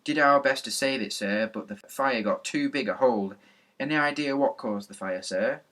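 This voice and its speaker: A man voicing a bossy village policeman who barks orders and shouts at children. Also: medium pitch, normal speed, lightly acted. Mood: gruff.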